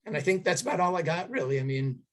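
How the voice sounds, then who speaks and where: A middle-aged man shares a family story at a tribute gathering, his voice a touch high for a man. He talks in a halting, heartfelt way, with many pauses and fillers, and sounds emotional throughout. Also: lively intonation, poor audio. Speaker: son giving a memorial tribute.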